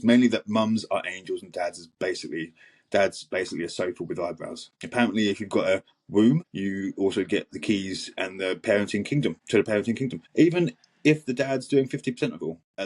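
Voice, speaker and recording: A man's voice: lowish voice, a little fast, a little mellow, breathy edge. A man hosting a sarcastic commentary monologue, mocking and exasperated. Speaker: host.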